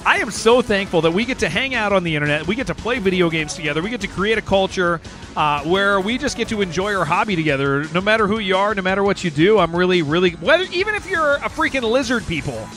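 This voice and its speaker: A man streaming games and chatting casually with viewers, excitable and rambling, saying "man" and "dude" all the time. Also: high-pitched. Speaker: game streamer. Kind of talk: casual livestream chat with viewers.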